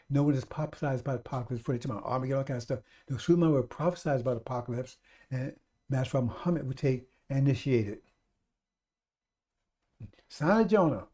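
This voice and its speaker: A man's voice: medium pitch, mellow. A man preaching a fiery radio sermon, urging his listeners again and again in a repetitive, exhorting way.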